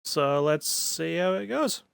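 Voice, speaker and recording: A man's voice: on the high side, expressive, slow pace, gravelly, smooth, dry recording. A sleepy man giving laid-back, swearing play-by-play commentary of a wrestling video game. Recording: crowd noise and game sounds behind.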